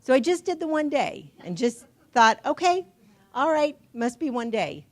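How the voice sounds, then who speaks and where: Brief: woman sharing an anecdote, animated and conversational, at a workshop. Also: sits high, moderate pace. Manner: lively anecdotal telling with laughs. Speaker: events committee member sharing. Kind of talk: personal storytelling at a recovery meeting.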